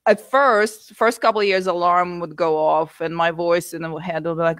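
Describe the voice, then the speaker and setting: A woman from the United States, a guest telling her story candidly with animated asides. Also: fairly low pitch, normal speed, dry recording. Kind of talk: interview conversation.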